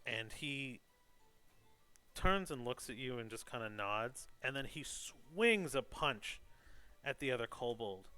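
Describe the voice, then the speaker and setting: A man's voice: mid-range voice, expressive, slow, bright, forceful tone, smooth, soft background music. A man narrating a tabletop game as game master, in a loose, descriptive way. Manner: loose, descriptive, lots of "like" and "kind of".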